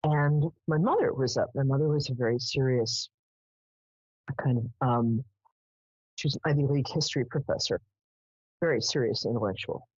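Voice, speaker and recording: A woman's voice: very deep voice, normal speed, long pauses, slightly rough, no room sound, muffled recording. A woman hosting a live psychic call-in show, who chats casually, tells stories and laughs often. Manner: chatty, animated, lots of "um"s and laughs. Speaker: psychic radio host.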